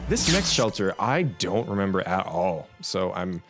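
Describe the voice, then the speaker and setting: A man streaming a game, thinking out loud and chatting to viewers in a loose, rambling way. His pitch swings about a lot as he talks. Game music plays clearly underneath his voice. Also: unhurried. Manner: rambling, lively, talks to himself and chat. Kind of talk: casual live-stream chat while gaming.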